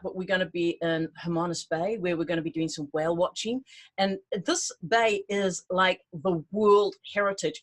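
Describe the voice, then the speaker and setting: A middle-aged woman hosting, chatting enthusiastically and informally about an upcoming tour, with many fillers and restarts. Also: fairly low pitch. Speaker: tour host. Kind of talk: casual promotional talk to camera.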